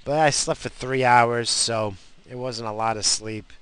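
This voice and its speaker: A man's voice: medium pitch, steady tone, a little slow, a bit bright, clear, resonant tone. A man alone at the mic, worn out and rambling, swearing freely as he gripes through his podcast. His talk is loose and mock-grumpy, moving from one complaint to the next. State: tired. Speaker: podcast host. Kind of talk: casual solo podcast rant.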